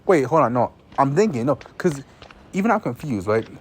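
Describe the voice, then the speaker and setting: A man's voice: mid-range voice, sing-song, normal speed, a little hiss or hum. A young man telling a story in a casual vlog, exasperated and swearing, laughing between restarts. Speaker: vlogger.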